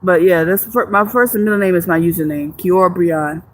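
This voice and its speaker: A woman live streamer with a lowish, steady voice chats fairly quickly and casually with her viewers, reading their comments. She jokes, swears freely, and rambles, often restarting her sentences.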